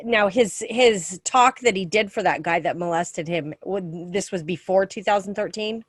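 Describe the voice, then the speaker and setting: A woman's voice: medium pitch, normal speed, no room sound, studio quality. A woman hosting an interview, asking short clarifying questions and giving supportive replies.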